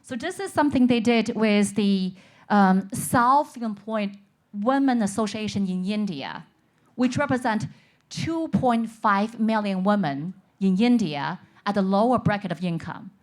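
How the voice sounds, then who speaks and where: A woman from China speaks on a conference panel as an insurance expert. She tells stories in an earnest way, at a middling pitch. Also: unhurried. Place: conference stage.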